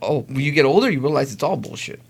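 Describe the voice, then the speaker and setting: A man's voice: medium pitch, fast talker, gravelly, slightly rough. A middle-aged man co-hosting a podcast, telling stories and ranting in casual chat with lots of swearing. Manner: profane, animated storytelling, rants. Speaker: podcast co-host.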